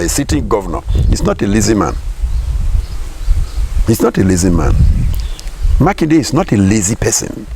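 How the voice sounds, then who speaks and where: A man's voice: on the low side, creaky, darkish tone, husky. A Nigerian man, a professor, giving emphatic political commentary in an interview, repeating points and asking rhetorical questions.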